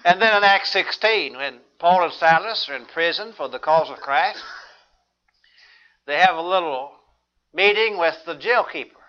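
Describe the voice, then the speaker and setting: A man preaching a sermon in an earnest, measured way, citing scripture. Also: a little high, lively intonation, sharp tone. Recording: dull lo-fi recording.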